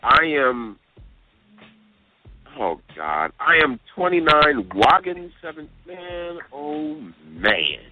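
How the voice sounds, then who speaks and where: Reading out listener emails, another talk radio co-host reacts with exasperated disbelief, his voice on the high side, very animated, and very slow. Music plays beneath a tinny, phone-line radio sound.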